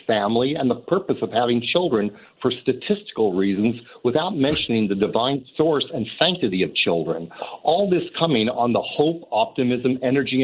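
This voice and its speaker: A man calls in to a radio show and delivers an earnest, formal complaint to the host. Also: medium pitch. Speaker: caller. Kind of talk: call-in radio chat. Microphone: telephone. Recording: tinny phone line.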